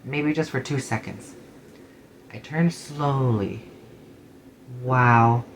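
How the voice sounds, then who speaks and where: A man's voice: medium pitch, slow pace, slight background noise, poor audio. A man reading a first-person story in a casual, sarcastic way, swearing freely. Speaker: narrator.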